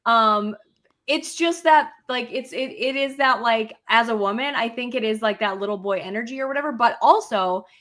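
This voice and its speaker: Candid woman co-host, higher voice. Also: moderate pace, a bit bright. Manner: candid, frank, sprinkled with "like". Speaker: podcast co-host. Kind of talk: casual chat.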